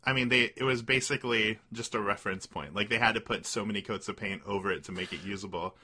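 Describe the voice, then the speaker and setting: A man whose low voice has a very bright, sharp edge. He chats casually on a podcast, talkative but hesitant, often pausing on ums and restarting his thoughts. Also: steady tone, slight background noise.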